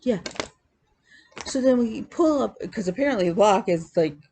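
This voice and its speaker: A woman vlogging about her cross-stitch hobby, telling animated, chatty stories with laughs. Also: medium pitch, normal speed, a little hiss or hum. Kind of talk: casual chat.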